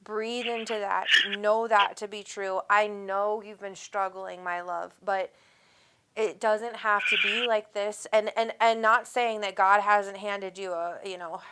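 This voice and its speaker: A woman's voice: medium pitch, steady tone, a little slow, bright, forceful tone, a little hiss or hum. A woman hosting a live call-in psychic reading, talking in an affectionate, rambling way and calling the caller sweet names. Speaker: psychic medium host.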